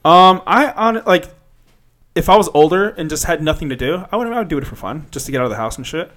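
A young man hosting a casual podcast chat, rambling and animated, with lots of fillers. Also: on the high side, fast talker. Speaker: podcast host.

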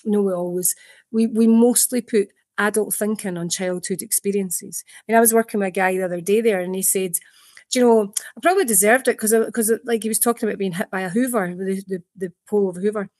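Animated woman therapist. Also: mid-range voice, fast talker, dry recording, clean studio sound. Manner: animated storytelling, acts out quotes, many restarts. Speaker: trauma therapist. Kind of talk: interview, explaining at length.

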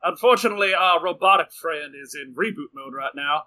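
A man's voice: on the high side, fairly quick, pushed and bright. A man playing a tabletop game, joking about his character. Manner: jokey, laughs between lines. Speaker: player. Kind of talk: casual tabletop game play.

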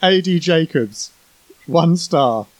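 A man's voice: fairly high pitch, expressive, slow, dry recording, low-quality recording. A man co-hosting a podcast, reading reviews aloud and swearing with amusement. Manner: sweary, laughing. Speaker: podcast co-host. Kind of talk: casual chat.

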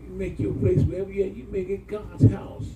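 A middle-aged man pastor, preaching an animated sermon with call-and-response to his congregation. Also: high-pitched, brisk, gravelly, distant mic, heavy background noise. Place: church hall. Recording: echoey church room, mic from afar, congregation.

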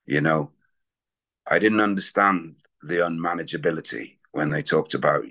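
Low-voiced guy rambling thru his recovery share, candid, talks with his hands. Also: fairly even intonation, normal speed, creaky, a bit bright, breathy edge. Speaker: speaker at a recovery meeting.

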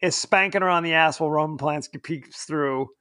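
A man co-hosting a podcast, rambling and joking in casual movie chat, quick to laugh. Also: fairly high pitch, sharp tone, dry recording, studio quality. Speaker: podcast co-host.

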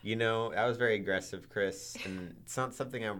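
A young man co-hosting a casual podcast, deadpan and hesitant, with many ums. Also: fairly low pitch, a little fast. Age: young adult. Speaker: podcast co-host. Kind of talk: casual chat.

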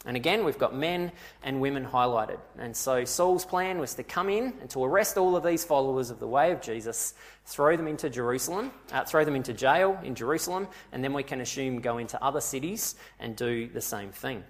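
A man's voice: mid-range voice, lively intonation, a little fast. A man preaching a sermon, retelling scripture vividly and asking his listeners rhetorical questions.

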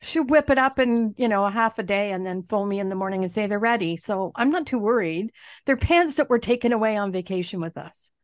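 Woman podcast co-host, lively storyteller who does the other voices, close and dry. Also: mid-range voice, a little fast, dry recording. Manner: animated storyteller, swears, mimics others. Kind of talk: casual chat.

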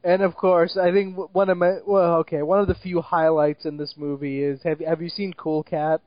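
A man's voice: on the high side, flat delivery, normal speed, dry recording, muffled recording. A man co-hosting a casual movie review chat, ranting with exasperation, swearing often and laughing at what he mocks. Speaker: movie review podcast co-host.

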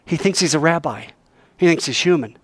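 Youth preacher, animated and playful, lively pitch. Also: male voice, brisk, slightly rough, no room sound, studio quality. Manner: animated, playful, acts out scenes. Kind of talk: casual sermon.

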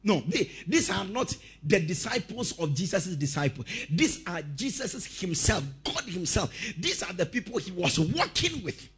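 A male preacher giving a lively sermon, telling stories, shouting out quotes and laughing as he goes. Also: high voice, measured pace, hardly any pauses, breathy edge, soft background music.

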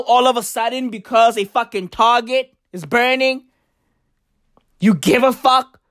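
A woman with a high voice delivers a stand-up rant at an unhurried, deliberate pace. She is profane and emphatic, and she keeps punching her points with slangy asides. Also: a bit bright, no room sound, studio quality. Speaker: comedian.

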